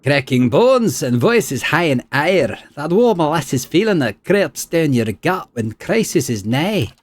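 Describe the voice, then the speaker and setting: A man's voice: fairly high pitch, sing-song, a little slow, pitched above the performer's own voice. A man voicing a brash, scornful female spirit possessing someone, in a put-on Scottish accent. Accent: mock Scottish.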